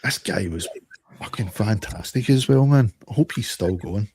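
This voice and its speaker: Sweary storytelling man, low and dry. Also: lively intonation, moderate pace, a little mellow, slightly rough, no echo, low-quality recording. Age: middle-aged. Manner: sweary storytelling, laughs often. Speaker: podcast co-host. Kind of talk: casual chat.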